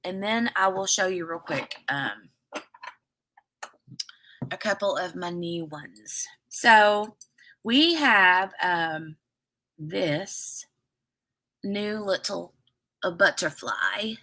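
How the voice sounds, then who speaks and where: A woman's voice: on the low side, animated, very slow, long pauses, bright, forceful tone. A woman hosting a casual craft livestream, chatting in a rambling, storytelling way and reading viewer comments aloud.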